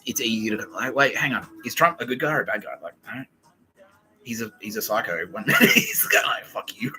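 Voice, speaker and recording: Rambling man with a sharp voice. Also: lowish voice, low-quality recording. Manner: rambling and profane, laughs often. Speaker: podcast host. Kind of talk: casual monologue.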